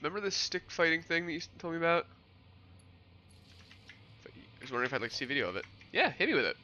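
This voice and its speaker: A man's voice: on the high side, very animated, fast talker, sharp tone, muffled recording. A young man from New York chatting casually with viewers while streaming a game, rambling and answering questions. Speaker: gaming streamer. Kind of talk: casual livestream chat while playing.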